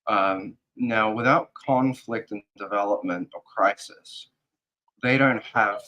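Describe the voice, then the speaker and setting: A man as an interview guest, speaking earnestly in halting fragments as he thinks aloud. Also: lowish voice, bright, forceful tone, poor audio. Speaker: guest, security advisor. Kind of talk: casual interview talk.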